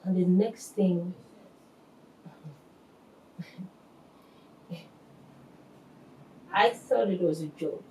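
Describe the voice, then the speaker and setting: A woman in her forties from Nigeria tells a painful personal story, pausing often with halting, hesitant speech. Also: on the low side, a little mellow, slight background noise. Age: 40s. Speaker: reality show contestant. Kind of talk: emotional personal testimony. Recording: echoey room, faint ambience.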